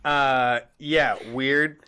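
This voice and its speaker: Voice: medium pitch, fairly even intonation, very slow, bright, forceful tone, clear, resonant tone. A podcast host recapping a mystery novel in casual chat, joking and acting out the characters' lines.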